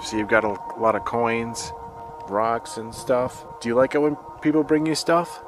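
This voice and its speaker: A man exploring a forest cemetery as a ghost hunter, gently asking questions aloud to an unseen presence. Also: medium pitch, steady tone, moderate pace, music in the background. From United States. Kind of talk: paranormal investigation vlog.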